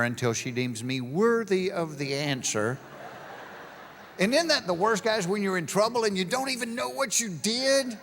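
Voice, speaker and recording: A man's voice: high-pitched, animated, normal speed, a bit bright, a little hiss or hum. A middle-aged man doing stand-up comedy, telling stories and acting out both sides of conversations. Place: large live venue with an audience. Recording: live show with hall reverb.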